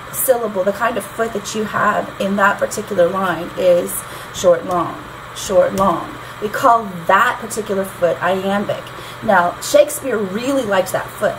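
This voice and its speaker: A woman teaches songwriting in an easygoing, explanatory way, often tapping out the beat of a line aloud. Her voice sits at a middling pitch. A steady hiss of background noise runs under the recording. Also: normal speed. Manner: chatty, tapping out rhythms aloud. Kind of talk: explanatory lesson.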